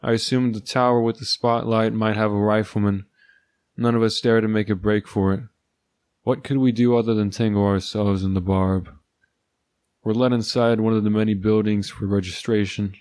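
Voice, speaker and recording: Male storyteller, lowish voice, dry sardonic first-person read, very dry room. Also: little pitch movement, normal speed, a little mellow, clear, resonant tone, dry recording. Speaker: narrator.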